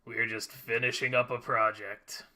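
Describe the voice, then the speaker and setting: A man voicing a large, gruff fire genasi smith who grumbles about being put-upon, in a tabletop game. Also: medium pitch, little pitch movement, normal speed, pushed and bright.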